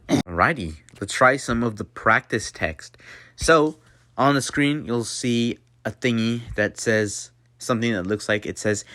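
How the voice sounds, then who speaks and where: Man, mid-pitched, jokey tutorial host, teacher-to-class tone, dry recording. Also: bright, forceful tone, dry recording. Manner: playful, talks to viewers as a class. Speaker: channel host teaching a mock language lesson.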